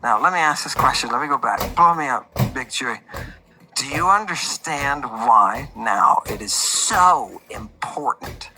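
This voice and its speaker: A man hosting a lively livestream lecture, joking and swinging between loud outbursts and muttered asides. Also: medium pitch, unhurried, noisy background. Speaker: host.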